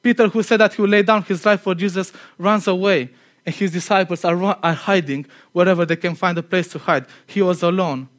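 High-voiced man preaching conversationally. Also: steady tone, a little fast. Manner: chatty and earnest, laughs at himself, drops to a quiet tone for emphasis. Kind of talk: conversational sermon.

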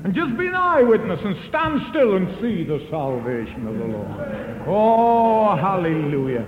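A man's voice: high-pitched, huge pitch swings, unhurried. A man preaching a storytelling sermon, acting out the voices of the people in his story. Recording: echoey hall, dull lo-fi sound.

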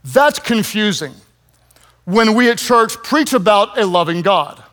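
Fifty-something pastor guy preaching, pretty high voice, tells stories and jokes on himself. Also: a little slow. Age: 50s. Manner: animated storytelling with self-mocking humor. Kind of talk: sermon.

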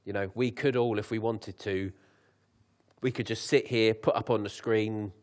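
A young man preaching a sermon, chatty and joking, then reading scripture slowly with lifted emphasis. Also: lowish voice, steady tone. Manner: conversational, laughs at his own asides.

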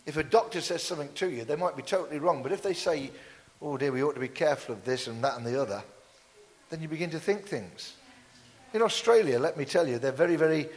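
A man preaching a sermon in a church, lively and jokey, with playful asides to the congregation. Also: fairly high pitch, long reverb tail. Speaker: pastor.

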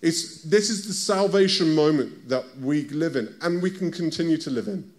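A man's voice: on the high side, lively intonation, normal speed, a little mellow. A man with a British accent preaching a conversational sermon, often stopping to ask his listeners direct questions. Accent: British English.

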